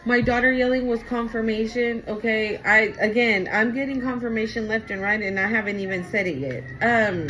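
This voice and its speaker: A woman's voice: on the high side, fairly even intonation, normal speed, few pauses, background noise. A woman giving a casual spoken tarot reading to her viewers, talking in an emphatic, repetitive way. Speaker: tarot reader.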